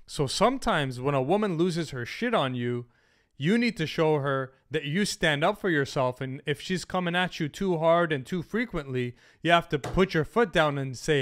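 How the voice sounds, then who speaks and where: Blunt, swearing man with a higher voice. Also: normal speed. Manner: blunt, emphatic, swears freely. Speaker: dating coach. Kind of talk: direct-to-camera advice monologue.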